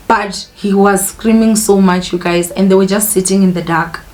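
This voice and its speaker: Young woman doing a storytime vlog, emotional and candid, keeps talking to "you guys". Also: mid-range voice. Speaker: vlogger telling a personal story. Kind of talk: casual storytime monologue.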